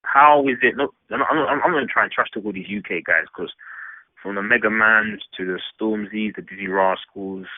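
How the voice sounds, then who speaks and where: A man's voice: fairly low pitch, normal speed, dry recording. A man from England, ranting animatedly and emphatically in a casual phone discussion. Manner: animated, emphatic, rambling rant. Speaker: panel guest. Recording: tinny phone line.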